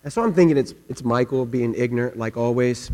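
A male pastor preaching a sermon, telling stories and swinging from quiet asides to loud, emphatic questions. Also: mid-range voice, fairly quick. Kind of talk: sermon with storytelling. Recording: long hall reverb with mains hum.

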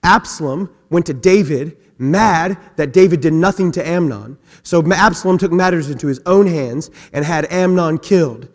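A pastor preaching an impassioned sermon, dropping to hushed tones and then building to shouts. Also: male voice, a little high, normal speed, few pauses, big-room sound.

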